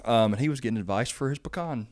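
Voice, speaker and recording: Here the farm podcast host, an extension agent, talks fast at a medium pitch. He rambles through his stories with plenty of filler words, becoming animated when he's excited.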